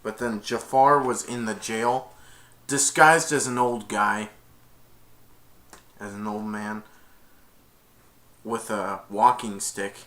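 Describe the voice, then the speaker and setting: A man's voice: fairly low pitch, steady tone, slow, long pauses, fairly bright tone. A man casually retelling a film's plot, rambling and stringing events together with repeated "and then". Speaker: film reviewer.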